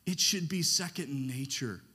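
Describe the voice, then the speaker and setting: A man preaching a sermon, who often pauses so that the congregation can finish his sentences. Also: medium pitch, sharp tone, husky. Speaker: pastor.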